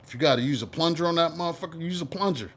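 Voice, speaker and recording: A man giving a casual tarot reading, animated and profane, teasing the listener and slipping into playful voices. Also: a little high, very fast, slightly rough. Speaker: tarot reader.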